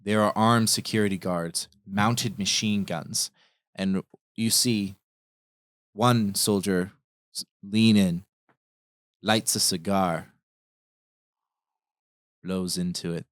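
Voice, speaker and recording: A man's voice: low-pitched, fairly even intonation, slow pace, long pauses, a bit bright, dry recording, clean studio sound. A man narrating a tabletop horror game as game master, in casual, plainspoken speech.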